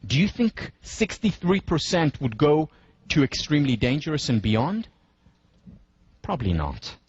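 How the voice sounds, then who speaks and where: A man with a slightly high, somewhat rough voice and big pitch swings gives a university lecture in a deliberate, emphatic style. He slows down to stress key points and guides listeners step by step through scenarios, heard in a dry recording with dull audio.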